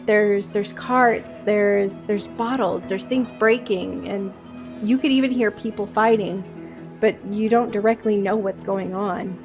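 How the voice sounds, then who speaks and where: A woman running a tabletop game as game master, relaxed and quick to laugh. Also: mid-range voice, over music.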